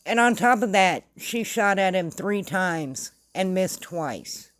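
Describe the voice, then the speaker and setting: Woman, commentary host, sarcastic, blunt, unhurried, dry recording. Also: mid-range voice, expressive, no echo. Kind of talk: casual true-crime commentary.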